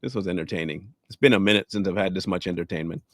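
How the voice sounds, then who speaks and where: A man's voice: sits low, fast talker, dry recording, clean studio sound. A man hosting a casual live show, rambling and repeating himself as he chats with viewers. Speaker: host. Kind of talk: casual livestream sign-off chat.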